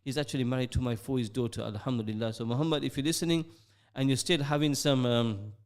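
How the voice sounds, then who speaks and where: A man's voice: mid-range voice, fast talker, clean tone. A middle-aged man hosting a live radio show, chatty and jokey, reading out listener messages from the studio. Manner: chatty, upbeat, jokey, sprinkles Arabic phrases. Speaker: radio host.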